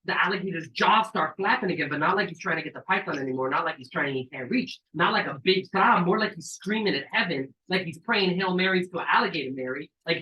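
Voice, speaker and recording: A man reading his own story aloud, animated and profane, in street slang, jumping to high shouted voices for the quotes and dropping low and quiet for suspense. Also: a little fast, highs cut off, a little hiss or hum. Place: cabin during a live event.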